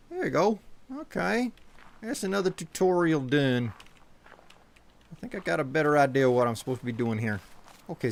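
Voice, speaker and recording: A man's voice: a little high, vocal fry. A man streaming a puzzle game live, thinking aloud to himself as he works and chatting casually with his viewers. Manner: chats with viewers.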